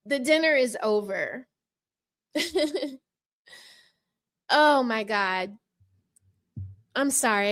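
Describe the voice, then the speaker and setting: A woman's voice: fairly high pitch, fairly bright tone, dry recording. A woman hosting her own channel, giving an impassioned commentary with a sassy, emphatic, mock-courtroom delivery into a microphone. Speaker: channel host.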